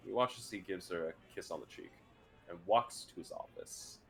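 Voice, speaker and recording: Low-voiced game master narrating. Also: male voice, normal speed, soft background music.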